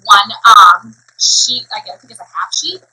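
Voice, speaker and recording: A woman in her thirties chatting on a casual live stream about her bakery, rambling with lots of fillers and quick laughs. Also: medium pitch, lively intonation, sharp tone, slightly rough, poor audio.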